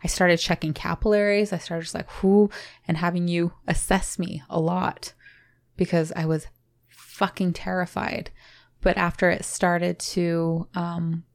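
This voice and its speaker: A young woman co-hosting a casual podcast, her voice sitting fairly low with a gravelly fry. She rambles emotionally, stopping and restarting her sentences as she goes. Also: level tone, measured pace. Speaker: podcast co-host.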